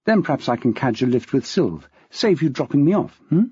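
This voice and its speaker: A man's voice: medium pitch, big pitch swings, a little fast, darkish tone, husky, no echo. Man voicing a witty older teacher, arch, theatrical, dull dry sound.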